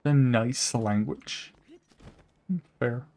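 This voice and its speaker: A young man chatting casually with his chat while he plays a game, rambling, saying "like" a lot and laughing often. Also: drawn-out words. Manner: animated pitch jumps, laughs often. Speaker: streamer. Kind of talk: casual live-stream chat while gaming.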